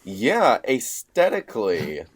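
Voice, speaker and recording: Podcast guest guy, mid voice, deadpan one-liners. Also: mid-range voice, slow, breathy edge. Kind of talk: casual comedic podcast chat.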